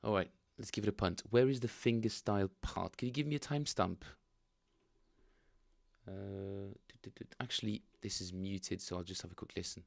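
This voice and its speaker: Chatty man, lowish voice. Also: moderate pace, vocal fry, no room sound. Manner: rambling, thinking aloud, chatting with viewers. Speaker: bass player streaming practice. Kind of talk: casual livestream chat.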